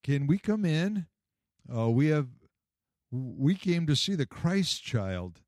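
A man voicing an old shepherd who speaks hesitantly and with reverent excitement in a storybook reading. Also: medium pitch, moderate pace, dry recording, clean studio sound, natural voice.

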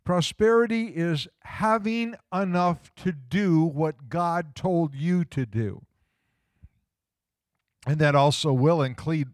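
Folksy preacher man, smooth clear voice. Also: fairly high pitch, no room sound, studio quality. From small-town Midwest US. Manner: folksy, conversational preaching with rhetorical questions. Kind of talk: sermon.

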